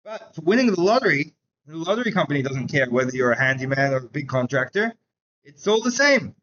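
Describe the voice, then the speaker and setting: A man teaching a Chassidus class in a casual, animated storytelling way, saying "like" often. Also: on the high side, fairly quick, highs cut off, a little hiss or hum. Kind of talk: Torah class lecture with storytelling.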